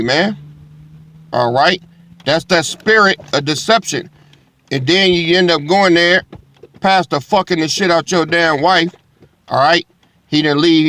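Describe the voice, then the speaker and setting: A man's voice: fairly high pitch, a bit bright. This is a man giving an informal sermon to his online audience. He rambles and repeats himself, addresses viewers head-on, and swears without a second thought. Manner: rambling, direct address, frequent profanity. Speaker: online religious commentator. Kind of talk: casual preaching to viewers.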